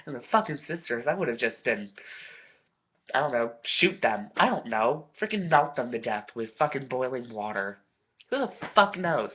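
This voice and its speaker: A vlogger ranting to camera in a profane, sarcastic way, swearing constantly and breaking into loud bursts of outrage. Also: medium pitch, very animated, normal speed, slightly rough. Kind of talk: profane comedic rant to camera. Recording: dull lo-fi recording.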